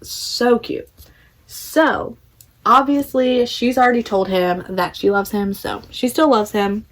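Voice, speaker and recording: A chatty young woman recaps a novel's plot for her video channel. She talks casually with plenty of "like" and slips into quick voices for the characters. Her tone is relaxed and conversational. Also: a little high. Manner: chatty, many "like"s, acting out characters' quotes. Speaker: book vlogger.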